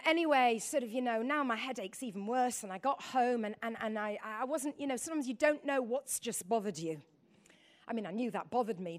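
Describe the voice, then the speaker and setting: A woman's voice: a little high, fairly bright tone. A middle-aged woman preaching a sermon, telling a personal story in a rambling, emotional way and calling on the congregation to repeat words.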